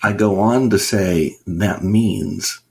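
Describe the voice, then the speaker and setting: A middle-aged man talks as an interview guest, earnest and emphatic, often asking rhetorical questions. His voice sits low, with a gravelly edge and a husky texture. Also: slow pace, a little mellow. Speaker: business author and consultant, guest. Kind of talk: conversational podcast interview.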